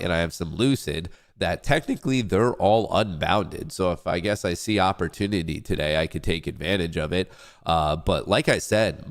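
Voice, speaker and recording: Stuffed-up low-voiced man hosting a livestream. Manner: rambling, joking, self-hyping. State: congested, stuffed-up nose. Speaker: livestream trading show host. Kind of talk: casual livestream chat.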